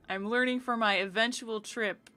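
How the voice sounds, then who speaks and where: A woman's voice: fairly high pitch, fairly even intonation, slow, bright, forceful tone. An American woman streaming live, chatting casually with viewers in a giggly, filler-heavy way.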